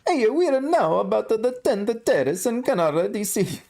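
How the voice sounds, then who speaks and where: A man putting on an exaggerated Italian accent to voice an excitable male winemaker, in a high sing-song voice. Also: normal speed, gravelly, a little hiss or hum, full character voice. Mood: excited.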